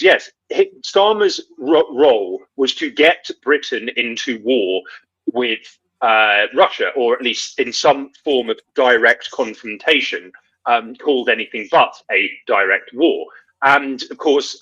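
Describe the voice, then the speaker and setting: A man with a bright, forceful voice gives sardonic live political commentary, rambling through fillers and restarts. His voice sits at an ordinary pitch, and the recording sounds dull and lo-fi. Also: husky.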